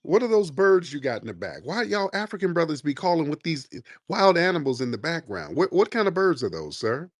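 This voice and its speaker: A brash male host runs a live call-in chat, sarcastic and quick to curse, with a lingering cough. His voice sits fairly high and swings widely in pitch. The sound is dry and close. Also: big pitch swings, no echo. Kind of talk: live audio chat room, taking callers.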